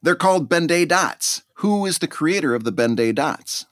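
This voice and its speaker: A man on a podcast with a lively, bouncing pitch who laughs often. He pitches his ideas with some stammering. The sound is close and dry. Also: normal speed, no room sound. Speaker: podcast co-host. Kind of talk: casual chat, hosting a quiz.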